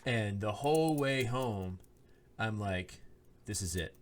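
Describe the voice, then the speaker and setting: A man's voice: on the low side, lively intonation, slow. A man co-hosting a podcast, telling a personal story in casual chat, acting out quoted lines and laughing often. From Oklahoma. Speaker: podcast co-host, minister. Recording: podcast microphone.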